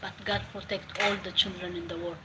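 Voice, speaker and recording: A woman's voice: fairly low pitch, little pitch movement, a little fast. A woman talking casually as she cooks at home, giving advice and repeating her phrases, with some Italian words mixed in. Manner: talks while cooking, repeating phrases, mixing in Italian words. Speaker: home cook vlogger. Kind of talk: casual cooking vlog with advice. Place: home kitchen. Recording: noisy kitchen with clattering dishes.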